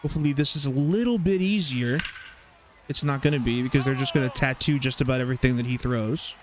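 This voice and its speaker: A young man casually commentating his baseball video game, rambling, swearing and getting excited over plays. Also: medium pitch, fast, a little hiss or hum. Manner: chatty, rambling, profane, excitable. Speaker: gaming YouTuber. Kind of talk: casual let's-play commentary.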